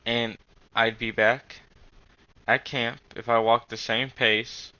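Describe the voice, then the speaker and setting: A young man telling a rambling story in casual chat, halting with many fillers and frequent swearing. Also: medium pitch, level tone, pushed and bright, rough recording.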